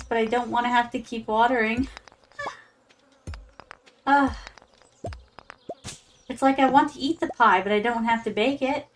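A woman's voice: on the high side, a little hiss or hum. A woman streaming a farming game, chatting casually with her viewers, calling them her darlings and dropping in Japanese words. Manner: chatty, talks to chat as "my darlings". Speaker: VTuber streamer. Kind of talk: casual gameplay commentary.

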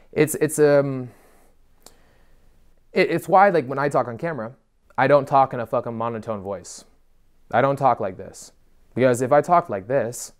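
A young man speaking fast to camera, giving dating advice in a casual, profane, animated rant. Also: mid-range voice.

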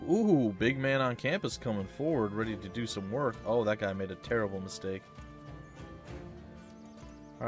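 A man hosting a let's play, giving chatty, excitable gameplay commentary that reacts loudly to hits and misses. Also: on the low side.

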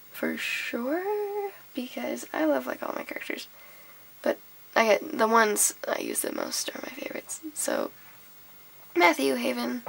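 A sick young woman with a heavily gravelly, croaky voice, talking slowly and a little high. She rambles, giggles and loses her thread. Faint noise sits under the recording. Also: poor audio. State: sick, hoarse. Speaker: vlogger. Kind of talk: casual chat.

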